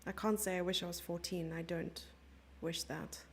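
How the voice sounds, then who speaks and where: Her voice sits on the low side, steady in tone and moderate in pace, with a little hiss or hum in the recording. She's a young South African woman commentating chess live, giggly and chatty, reading viewers' chat messages aloud as she goes.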